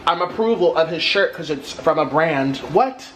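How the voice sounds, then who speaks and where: A man's voice: a little high, lively intonation, normal speed, a little hiss or hum, rough recording. A man ranting in a casual vlog at home, indignant and exasperated, with a sarcastic edge. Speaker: vlogger. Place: at home in his apartment.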